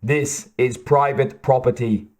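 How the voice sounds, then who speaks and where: A man reading an audiobook voices an emotionless male killer cyborg in a flat, gravelly monotone. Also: mid-range voice, slow, close to an everyday voice. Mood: cold. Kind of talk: audiobook narration.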